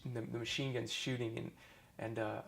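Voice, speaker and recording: A man's voice: medium pitch, level tone, fairly quick, creaky, fairly bright tone. A man in his thirties, a former army dentist, telling his stories in a casual oral history interview, with many restarts and fillers.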